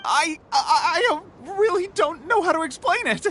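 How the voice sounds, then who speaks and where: A woman's voice: very high-pitched, animated, normal speed, noisy background. A woman voicing a cowardly captured henchman in a game, pleading and stammering.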